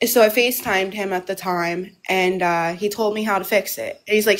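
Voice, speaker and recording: A woman's voice: medium pitch, steady tone, moderate pace. A woman talking on a casual livestream from home, rambling and restarting her phrases. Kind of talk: casual live monologue.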